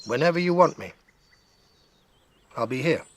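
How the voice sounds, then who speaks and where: A man voicing a friendly, calm male tiger who speaks in an unhurried, kindly way. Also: on the high side, voice pushed up.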